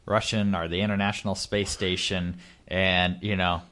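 A man with a fairly low voice chats about a film with his friend. He jokes, trails off and pads his lines with fillers. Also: flat delivery, sharp tone. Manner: joking, loose, halting with fillers. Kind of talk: casual movie chat.

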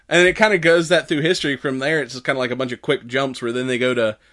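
A man on a casual podcast, chuckling often as he retells film scenes and slips into quick quoted lines. His pitch sits mid-range for a man, and his talk is loose and chatty. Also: steady tone, a bit bright. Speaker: podcast co-host. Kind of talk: casual podcast chat recapping a movie.

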